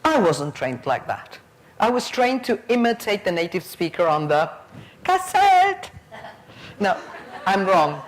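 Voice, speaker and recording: A woman's voice: fairly low pitch, moderate pace, some chatter behind. A woman in her fifties giving a plenary conference lecture, telling stories and acting out the people in them. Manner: lively storyteller who acts out quoted voices. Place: conference hall.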